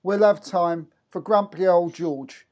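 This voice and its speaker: A man co-hosting as a medium, chatting over a video call in a relaxed, rambling way with many fillers. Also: high-pitched, takes it slowly, a crowd in the background. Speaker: medium and co-host.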